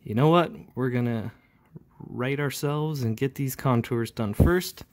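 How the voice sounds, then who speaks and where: This man's mid-range voice is unhurried with a darkish tone. As a comic inker, he demonstrates his process step by step in a relaxed tutorial, chatting as he works and leaning on fillers often.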